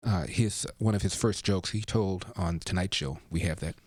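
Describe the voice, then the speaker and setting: Deep voiced talk host dude, dry mic, telling old stories. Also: male voice, moderate pace, a little mellow, no room sound. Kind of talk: talk show monologue.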